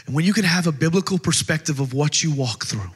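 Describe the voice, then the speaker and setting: A man's voice: a little high, expressive, quick pace, breathy edge. A middle-aged man preaching as a pastor, passionate and conversational, often restarting his phrases. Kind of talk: sermon.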